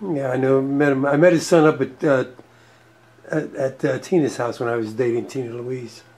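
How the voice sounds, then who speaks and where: A man's voice: medium pitch, steady tone, normal speed, a little mellow, slight background noise. A man hosting a talk show in an easygoing, rambling manner. His voice sits in the middle range for a man and he speaks in a plain conversational tone. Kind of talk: casual chat.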